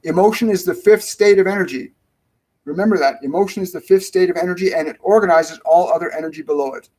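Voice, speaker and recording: A middle-aged spiritual medium hosts a live-stream Q&A from home, speaking quickly in a slightly high voice over a low-quality recording. He rambles warmly, restarting sentences and repeating key phrases for emphasis.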